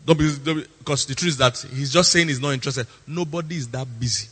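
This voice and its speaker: A man's voice: a little high, quick pace, few pauses, bright, forceful tone, in a large hall. A man preaching a sermon as a pastor. He is emphatic, repeats his lines for effect, and slips into theatrical impressions.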